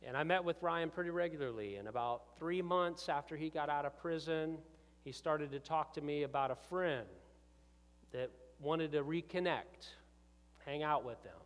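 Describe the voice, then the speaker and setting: A male pastor telling a personal story in a sermon, often dropping to hushed tones and rising to urgent appeals. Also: on the high side, normal speed. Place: church sanctuary with long reverb. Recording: reverberant church hall.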